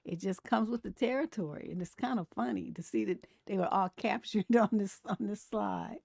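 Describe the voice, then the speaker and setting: A woman's voice: medium pitch, normal speed, vocal fry, dry recording, clean studio sound. A woman over forty hosting a live stream, chatting casually about memes and posts and laughing often. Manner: chatty and animated, laughs often, reads comments aloud. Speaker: relationship coach and live-stream host.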